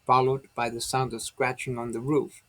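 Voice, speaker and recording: A man's voice: mid-range voice, little pitch movement, normal speed, pushed and bright, close to an everyday voice. A man voicing a shaken male doctor insisting on what he heard. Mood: rattled. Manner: insistent, rattled.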